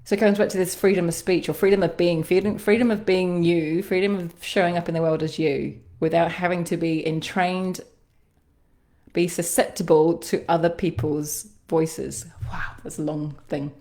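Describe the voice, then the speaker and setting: A woman who works as a sound healer and coach, giving a livestreamed guided self-reflection in a musing, halting way with sighs and laughs. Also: fairly low pitch, fairly even intonation, mellow.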